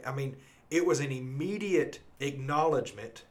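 Earnest man teaching scripture. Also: mid-range voice. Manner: earnest, reads scripture slowly and emphatically, then rambles with restarts. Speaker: podcast co-host. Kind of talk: conversational Bible teaching.

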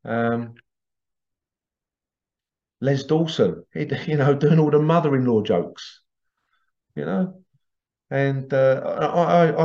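A man's voice: on the high side, mellow. A middle-aged man telling rambling anecdotes in a casual monologue, chuckling often and repeating himself. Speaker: tradesman vlogger. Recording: slightly dull lo-fi recording.

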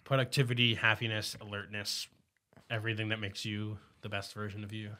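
A young man with a sharp, bright-edged voice chatting casually as a podcast co-host. He laughs a lot and trips over his words, restarting sentences when he gets worked up. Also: lowish voice, brisk. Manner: laughs often, stammers and restarts when excited. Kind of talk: casual chat.

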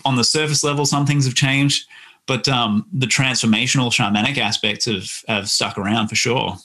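A man's voice: medium pitch, steady tone, moderate pace, pushed and bright. An Australian man, a guest author in an interview, explaining things in a thoughtful, musing way. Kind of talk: reflective interview talk.

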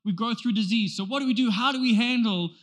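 A male pastor delivering a sermon with a high voice that sounds bright and forceful. He preaches emphatically and builds his points through rhetorical questions and repeated phrases. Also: fast.

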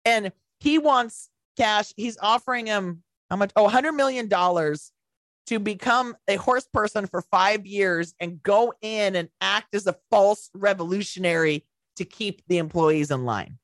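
Young female podcast co-host, loose profane storyteller, medium pitch, dry close sound. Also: a little slow, no room sound. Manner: rambling storyteller, swears a lot, laughs often. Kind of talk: casual movie recap chat.

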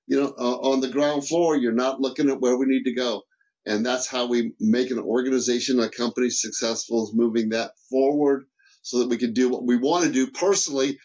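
A man speaking as a guest business mentor in a casual interview, animated and full of restarts and repeated words. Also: medium pitch, dull audio.

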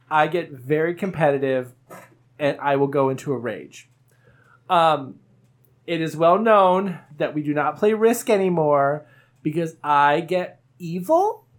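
A woman hosting a podcast, chatting and laughing with friends in a rambling, animated way. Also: low-pitched. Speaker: podcast host. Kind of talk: casual chat with friends.

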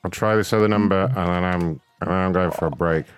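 A man's voice: low voice, fairly even intonation, fast talker, clear, resonant tone, dry recording. A man hosting a prank call stream in casual banter, blunt and profane as he jokes with his co-hosts. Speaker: prank call show host.

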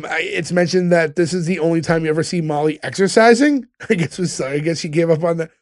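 A man's voice: fairly high pitch, fairly quick, no echo, studio quality. Casual male podcast host. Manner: loose, rambling, frequent fillers. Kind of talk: casual chat.

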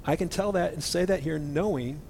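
A man's voice: a little high, normal speed, vocal fry, a little mellow, slight background noise. A man preaching a conversational sermon, earnest and indignant, speaking to his listeners directly. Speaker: pastor.

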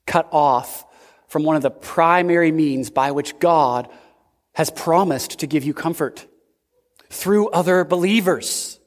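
With sudden pitch swings and a slow, emphatic delivery, a male pastor preaches his sermon. The recording rings with the long reverberation of a large hall.

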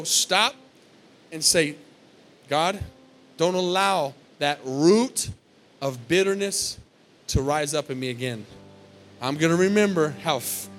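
A man's voice: high-pitched, fairly bright tone. A man preaching a sermon as pastor in a church, repeating phrases and asking the congregation "Amen?".

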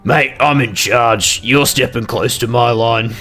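A man voicing a gruff, rude military frog-man officer in a tabletop game, mocking and bossy. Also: medium pitch, measured pace, pushed and bright, soft background music.

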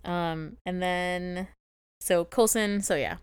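A woman's voice: fairly low pitch, slow pace, clean tone, no room sound. A woman co-hosting a podcast, chatting casually and giggling often as she recaps a TV episode. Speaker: podcast co-host.

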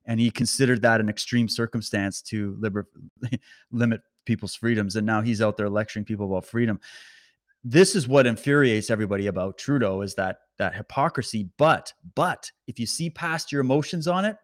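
A man delivering a casual, animated political commentary monologue, rambling and indignant. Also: fairly low pitch, a little fast, dry recording, clean studio sound.

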